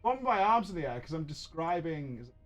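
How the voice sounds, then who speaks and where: A man hosting a casual stream chat, telling an animated story with laughs and casual swearing. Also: on the high side, fast talker, soft background music. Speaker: streamer host.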